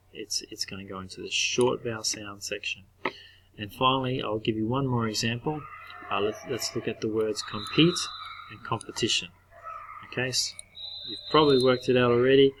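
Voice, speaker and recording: A man's voice: mid-range voice, fairly bright tone, poor audio. Patient man teaching children spelling. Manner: patient, repeats words slowly and clearly. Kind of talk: recorded spelling lesson for children.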